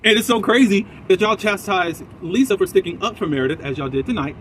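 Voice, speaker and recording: Recap host, male, higher voice, animated and opinionated, faint traffic hum behind. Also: quick pace, few pauses. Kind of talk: casual episode recap commentary.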